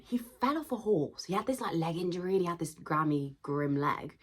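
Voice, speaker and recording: A woman's voice: low voice, breathy edge. A young woman in her twenties retelling history as chatty, slangy gossip with dramatic asides. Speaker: history video host. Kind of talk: gossipy casual storytelling.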